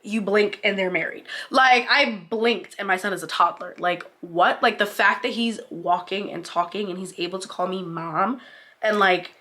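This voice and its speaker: A young woman vlogger sits down for a casual, heartfelt chat, encouraging other mothers and calling them "mama." Her medium-pitched voice, at normal speed with a pushed, bright quality, is full of "like" fillers and close to tears.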